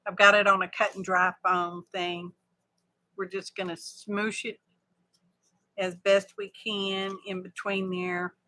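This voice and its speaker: A woman chats through a craft livestream, thinking out loud as she works. Her voice is bright and clear, and she takes her time, drawling through relaxed, folksy asides. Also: medium pitch, slow pace. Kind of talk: casual craft livestream chat.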